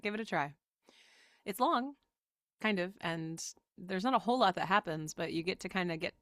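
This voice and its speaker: Sick and worn out, a Southern US woman who hosts a spiritual channel rambles casually to camera, laughing often. The recording is dry, and her voice is fairly low in pitch and a bit bright.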